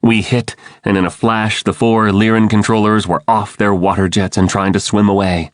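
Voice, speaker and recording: A man's voice: fairly low pitch, flat delivery, moderate pace, no echo, studio quality. A man narrating an audiobook in first person, reading with dramatic expression. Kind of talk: scripted narration.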